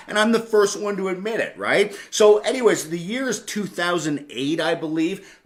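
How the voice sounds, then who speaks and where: A man's voice: a little high, fairly bright tone. A man in his forties, a podcast host, telling a candid personal story in a casual, conversational way with frequent asides and casual swearing.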